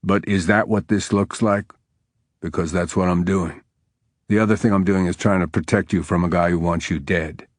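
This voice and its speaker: A male audiobook narrator voicing a surly, guarded widowed lawman in a curt, gruff way. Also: low-pitched, fairly even intonation, normal speed, no echo, clean studio sound, natural voice. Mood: irritated.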